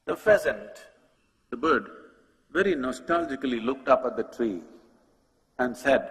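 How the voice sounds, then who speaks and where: A man gives a talk at a conference, speaking straight to the audience and firing off rhetorical questions. His voice is a little husky, pitched slightly high and swoops up and down. It carries through a big hall with a long reverb. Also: normal speed, long pauses. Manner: animated, asks rhetorical questions, addresses the audience directly.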